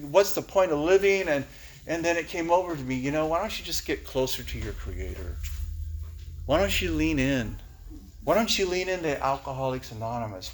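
A man shares his personal story before a recovery group in a candid, emotional way, laughing now and then. His voice sits somewhat high for a man. He often restarts his sentences as he talks. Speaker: speaker sharing at a recovery meeting. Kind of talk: personal testimony talk.

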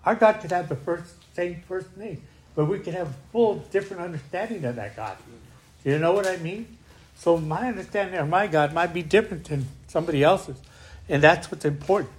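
Man, a bit high-pitched, giving a personal testimony at a recovery meeting; emphatic, keeps checking in with the room. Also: lively intonation. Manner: emphatic, rising and slowing when angry, tag questions "right?". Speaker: speaker sharing at a recovery meeting.

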